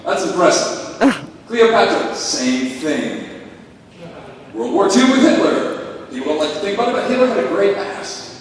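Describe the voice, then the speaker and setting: A young man doing dry, awkward stand-up, with a lively voice that swings up and down and breaks into laughs at his own jokes. He is heard from well off the mic in a big hall with a long ringing echo. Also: high-pitched, normal speed, pauses often, a little hiss or hum. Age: young adult. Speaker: stand-up comedian at an open mic. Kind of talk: stand-up comedy set. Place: open mic venue. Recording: echoey hall, far from mic.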